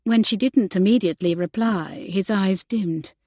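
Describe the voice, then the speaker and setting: A woman narrating a romance novel in a gentle storytelling manner. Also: medium pitch, moderate pace, hardly any pauses, no room sound. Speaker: audiobook narrator. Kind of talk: scripted narration.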